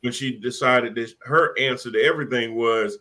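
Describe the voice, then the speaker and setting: A man's voice: medium pitch, moderate pace, pushed and bright, low-quality recording. A man in casual political chat, rambling and incredulous, often amused.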